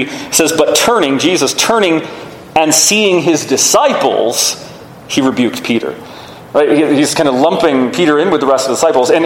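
A man preaching a sermon in an animated way, often asking his listeners rhetorical questions. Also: on the high side, slight background noise. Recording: echoey hall with faint ambience.

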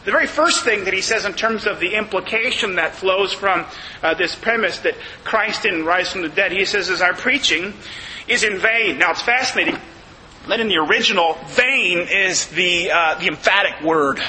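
A man preaching a sermon as pastor, emphatic, slowing down to stress key phrases. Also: sits high, pushed and bright, in a large hall, rough recording.

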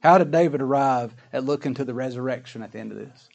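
An older man preaching a sermon in an earnest, folksy way, rising louder in prayer and dropping soft. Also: mid-range voice, fast talker, gravelly, muffled recording.

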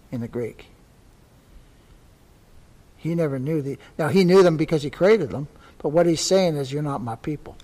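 A man with a high-pitched voice preaches a sermon from scripture, driving points home by repeating words. His delivery is emphatic and earnest. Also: a little mellow. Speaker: pastor.

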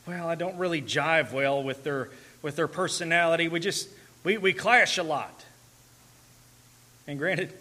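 A man's voice: medium pitch, sharp tone. A man preaching a sermon in an earnest manner, building to emphatic and tender passages.

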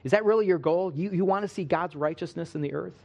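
A man preaching a sermon, reading scripture and explaining it verse by verse with emphatic pauses. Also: sits high, creaky, mellow. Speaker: pastor.

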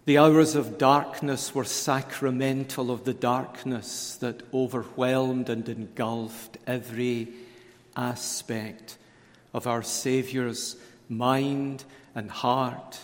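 Slow, solemn male preacher in a hall. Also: mid-range voice, fairly even intonation. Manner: slow, emphatic, dropping to hushed tones on key words. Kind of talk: sermon at a conference.

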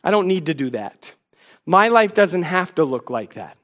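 A man's voice: high voice, big pitch swings, moderate pace, a bit bright. A man preaching a sermon in an emphatic, repetitive, rhetorical way.

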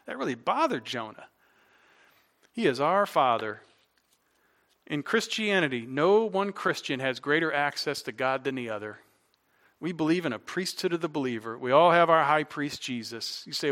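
A man's voice: a little high, sing-song, unhurried, a bit bright. A man preaching a sermon in a conversational way, asking rhetorical questions to the congregation. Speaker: pastor.

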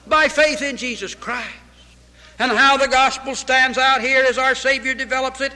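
A man's voice: very high voice, fairly even intonation, moderate pace, bright, forceful tone. A man preaching a sermon with fervor, repeating phrases and quoting scripture in old English. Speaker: pastor. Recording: reverberant hall.

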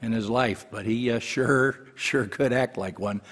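A man's voice: medium pitch, measured pace, fairly bright tone. A man in his seventies, a pastor giving a folksy, rambling sermon with humor and frequent restarts. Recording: long hall reverb.

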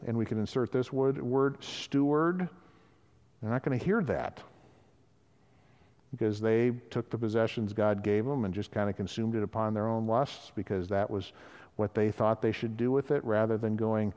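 A man's voice: on the low side, fairly even intonation, moderate pace, darkish tone, clear, resonant tone, in a large hall. A man preaching a sermon in a conversational way, often acting out the voices of people he quotes. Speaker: pastor.

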